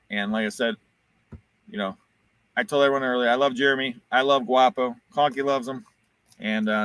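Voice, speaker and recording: A man hosting a casual chat as an auctioneer, lively and talkative, plugging his auctions. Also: medium pitch, no echo. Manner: lively, quotes movie lines in put-on voices. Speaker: auctioneer and show host.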